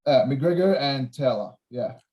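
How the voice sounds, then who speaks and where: Male host, careful and word-searching, middle-pitched voice. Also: animated, measured pace, darkish tone, poor audio. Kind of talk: casual chat.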